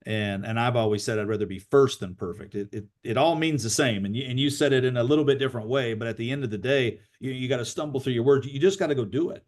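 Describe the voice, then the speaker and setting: A man's voice: medium pitch, fast talker, hardly any pauses. Man telling stories with restarts, on a call. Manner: storytelling, frequent restarts and repeated words. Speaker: host of a team call. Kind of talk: casual motivational talk on a group call.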